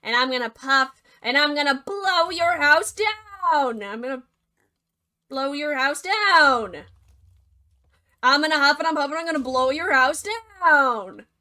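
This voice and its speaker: A woman's voice: high voice, normal speed. A woman doing a fake-polite big bad wolf. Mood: shouting. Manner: mock-polite, then loud huffing and shouting.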